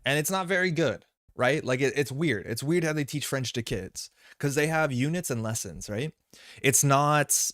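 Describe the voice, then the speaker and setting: A man's voice: mid-range voice, expressive, normal speed, fairly bright tone, no echo, clean studio sound. A young man hosting a live stream, rambling through casual tangents with lots of "like" and "right?". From Canada.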